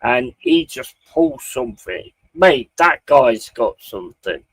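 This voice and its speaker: A man's voice: medium pitch, expressive, slow, slightly rough, low-quality recording. A man co-hosting a casual stream chat about fight news, giving blunt opinions and swearing casually. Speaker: co-host.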